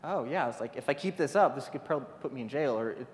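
A man delivers an informal sermon in a mid-range voice, often stumbling and repeating himself as he goes. His voice carries a long reverb from the church hall around him. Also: medium pitch. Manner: halting, repeats words and restarts often. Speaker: guest speaker.

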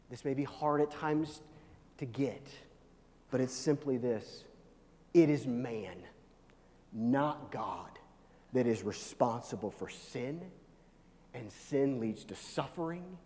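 A pastor preaching a sermon, swinging between loud, rising pleas and hushed, low lines. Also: male voice, slow pace, long pauses. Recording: long reverb of a large hall.

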